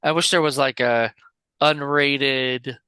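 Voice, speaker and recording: Smooth-voiced man in loose, rambling chat. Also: medium pitch, steady tone, slow pace, sharp tone, no echo. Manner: rambling, loose, heavy on filler words and mild swearing. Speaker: podcast co-host. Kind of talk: casual film chat.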